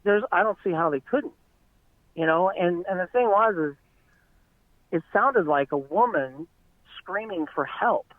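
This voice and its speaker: A man's voice: high voice, animated, unhurried, long pauses, no echo. A middle-aged man, an eyewitness guest, earnestly telling a long story in casual, rambling talk over a tinny phone line.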